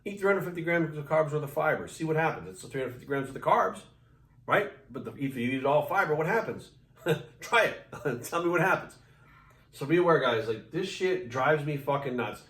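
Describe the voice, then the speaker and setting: A man's voice: on the high side, animated, moderate pace, fairly bright tone. Blunt, swearing man in a roomy space. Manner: heavy swearing, passionate and blunt. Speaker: fitness coach. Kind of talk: ranting vlog monologue. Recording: roomy sound, mic at a distance.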